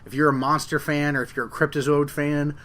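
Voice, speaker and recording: A man's voice: on the high side, level tone, a little fast, a bit bright. A man co-hosting a podcast in casual chat, enthusiastic as he promotes comics, swearing now and then. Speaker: podcast co-host.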